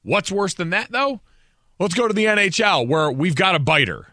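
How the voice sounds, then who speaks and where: A man's voice: high voice, animated, normal speed, pushed and bright, no echo, studio quality. A man hosting a sports radio show, reading items aloud with wry asides.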